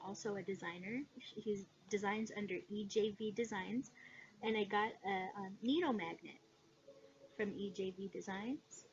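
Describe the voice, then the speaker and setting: A woman chatting casually in a haul video, gushing with excitement and filling pauses with "um". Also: mid-range voice. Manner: excitable, gushing, many fillers. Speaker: cross-stitch vlogger. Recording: dull lo-fi sound with background noise.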